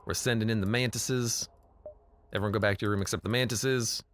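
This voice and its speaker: A man's voice: fairly low pitch, fairly even intonation, brisk, fairly bright tone, slight background noise. A man streaming a video game. He reads the game text aloud and jokes about it in casual commentary.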